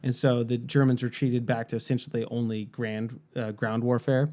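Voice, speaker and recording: A man co-hosting a casual podcast, telling a story with animated energy and free swearing. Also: mid-range voice, moderate pace. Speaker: podcast co-host.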